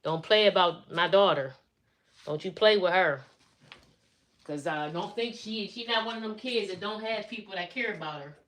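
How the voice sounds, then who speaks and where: A woman's voice: medium pitch, normal speed. A middle-aged woman chatting on a live stream, venting as she retells family drama in a casual way.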